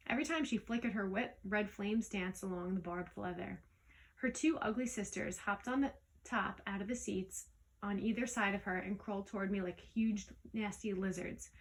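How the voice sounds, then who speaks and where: A woman reading a storybook aloud in the first person, lively, with small slips that she corrects as she goes. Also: mid-range voice, moderate pace, low-quality recording. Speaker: audiobook reader. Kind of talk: storybook read-aloud narration.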